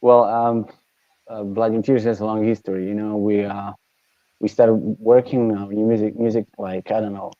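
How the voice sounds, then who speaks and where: Italian-born man, low voice on lo-fi call. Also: level tone, moderate pace, dark tone, no room sound. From Italy. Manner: hesitant, filler-heavy, laughs easily. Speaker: band frontman, guest. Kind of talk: casual interview chat.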